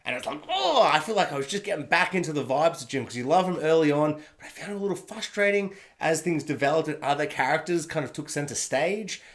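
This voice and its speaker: Guy, TV recap vlogger on his own camera, chatty, self-mocking, voice a touch high. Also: quick pace, few pauses. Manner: rambling, laughs often, self-deprecating. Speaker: TV review vlogger. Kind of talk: casual spoken review. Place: home room. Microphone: own camera setup.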